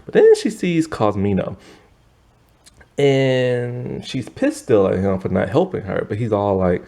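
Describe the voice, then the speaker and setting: A young man casually recapping and reviewing a TV episode, rambling with lots of fillers and animated asides. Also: medium pitch, moderate pace, vocal fry. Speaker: TV review host.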